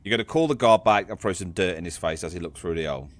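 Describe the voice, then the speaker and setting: A man's voice: low voice, quick pace. A man narrating as game master in a casual, joking manner. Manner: casual, laughing, swearing narration.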